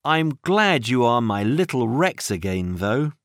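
A narrator voicing an excited young girl adventurer in a children's audiobook reading, speaking high and urgently. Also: measured pace, dry recording, clean studio sound. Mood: fond.

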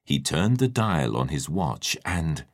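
A man narrating a children's storybook in a lively, expressive way. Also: very deep voice, slow pace.

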